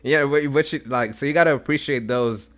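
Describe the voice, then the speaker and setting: A man's voice: medium pitch, brisk, fairly bright tone. A man co-hosting a podcast, talking in a loose, reflective way with many fillers. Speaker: podcast co-host. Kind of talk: casual chat.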